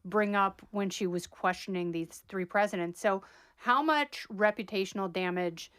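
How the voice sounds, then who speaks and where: A woman hosting a talk podcast, asking long questions in a measured, deliberate way. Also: medium pitch, a bit bright, smooth. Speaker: podcast host. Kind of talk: interview questions.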